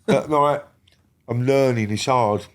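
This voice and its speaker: A man's voice: medium pitch, slow. An older man speaks in a mid-range voice as a podcast guest. His talk is blunt and full of swearing. He often stops and restarts his sentences. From England. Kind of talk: casual interview talk.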